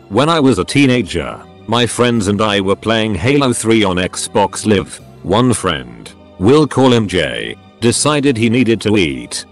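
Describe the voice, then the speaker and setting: Male storyteller, low and animated, reading posts over faint background music. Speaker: narrator reading online posts. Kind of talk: scripted narration.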